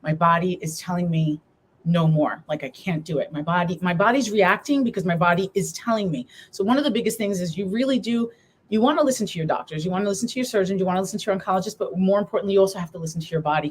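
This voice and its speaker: A woman's voice: medium pitch, rapid-fire, husky. A middle-aged woman, a guest on a live talk show, telling her personal story while trying to hold back tears.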